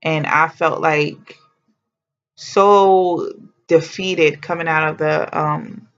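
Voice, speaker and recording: A woman's voice: deep voice, steady tone, very slow, lo-fi sound, faint music behind. A woman vlogger telling a personal story in a chatty, heartfelt way, with exclamations and slang.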